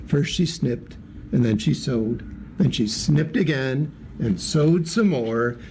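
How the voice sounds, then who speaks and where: Male storybook reader, warm and mellow, lively with character voices, faint hiss. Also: medium pitch, slow pace. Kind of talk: reading a picture book aloud.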